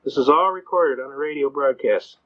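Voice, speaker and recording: A man giving a fast-talking, folksy anecdotal lecture full of colloquial storytelling. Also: medium pitch. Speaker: speaker giving legal advice. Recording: muffled lo-fi recording.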